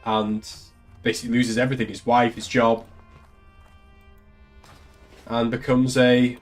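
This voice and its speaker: English streamer dude, casual chat, swears a ton, laughs a lot, bit of music in the back. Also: male voice, medium pitch, flat delivery, measured pace. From England. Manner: swears a lot, laughs often, chatty and opinionated.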